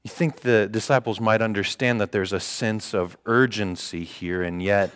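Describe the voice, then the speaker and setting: A man preaching a sermon, retelling scripture with playful mock dialogue and animated asides. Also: fairly low pitch, normal speed, hardly any pauses, clean tone, big-room sound. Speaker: pastor.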